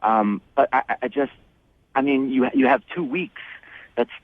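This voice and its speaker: A man calling in to a radio show, halting and stammering as he speaks earnestly. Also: mid-range voice, steady tone, no room sound, phone-quality sound. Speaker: caller. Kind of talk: nervous on-air phone call.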